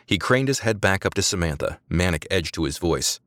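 Male narrator, low voice, dry close read, measured dramatic audiobook style. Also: lively intonation, fairly bright tone, no echo.

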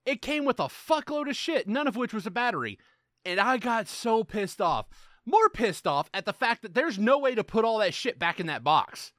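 A man co-hosting a casual podcast chat, ranting in an animated, profane way. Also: high-pitched, normal speed, no echo, clean studio sound. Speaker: podcast co-host.

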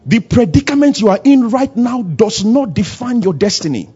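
Male pastor, sermon, high voice, very lively pitch, husky, dull lo-fi recording. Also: normal speed. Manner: animated preaching, acts out dialogue, shifting loud and soft. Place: church service.

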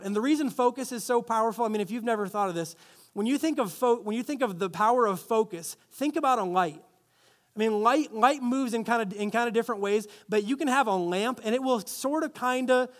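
A man preaching a sermon, reading scripture, leading the congregation in repeating a phrase, and adding playful asides. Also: high-pitched. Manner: animated, playful asides, leads congregation in call-and-response. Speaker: pastor.

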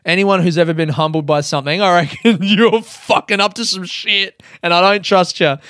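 Young Australian male podcaster, crisp smooth voice, dead-dry close mic, casual sweary storyteller. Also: sits high, a little slow, a bit bright, dry recording. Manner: sweary, self-mocking, laughs often. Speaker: podcast host.

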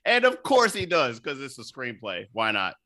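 Casting note: male podcast host, bright and forceful voice, loose and profane, laughs a lot, dry close sound. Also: mid-range voice, wildly swooping pitch, moderate pace, dry recording. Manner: loose, profane, laughs often, acts out quotes. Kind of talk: casual chat, recapping a movie.

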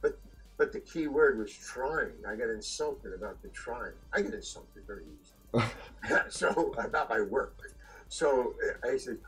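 An older man, an actor being interviewed, telling stories in a halting way with restarts and chuckles. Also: medium pitch, expressive, a bit bright, breathy edge, soft background music, poor audio. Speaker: actor guest. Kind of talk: anecdotal storytelling.

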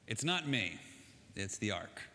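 Man putting on a drowsy old priest, low grumble, brushing off the boy, long hall reverb. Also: very animated, a little slow, bright, forceful tone, slight background noise, exaggerated voice. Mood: grumbling.

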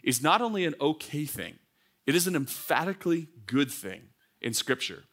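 A man in his thirties, a pastor, preaching a lively, conversational sermon at a church service with frequent fillers and restarts. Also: on the high side, moderate pace, husky. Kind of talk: sermon to young adults.

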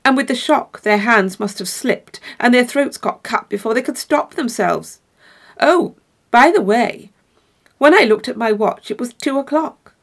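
A woman reading as a dapper, sly gentleman storyteller. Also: a little high, a little slow, gravelly, voice pushed up, full character voice. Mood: grave telling. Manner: calm, grave, slightly sly delivery. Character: dapper, composed man telling a ghost story.

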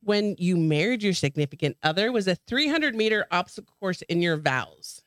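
Female podcast co-host, chatty, lively pitch, smooth dry close sound. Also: no room sound. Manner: chatty, reads out listener comments, quick reactions. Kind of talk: casual chat.

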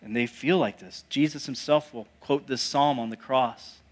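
A male pastor preaching a sermon, moving between hushed asides and loud, emphatic declarations and putting rhetorical questions to the congregation. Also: mid-range voice, normal speed.

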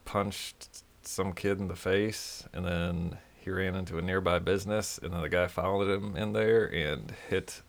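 A man's voice: sits low, steady tone, unhurried, creaky, few pauses. A man chatting casually on a podcast, laid-back, mostly giving short replies. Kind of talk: casual chat.

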